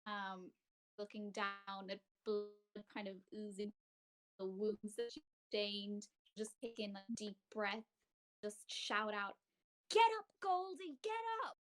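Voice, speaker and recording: A woman's voice: mid-range voice, little pitch movement, slow pace, a bit bright, low-quality recording. Hesitant woman player on a call. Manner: hesitant, full of fillers. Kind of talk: casual tabletop game play.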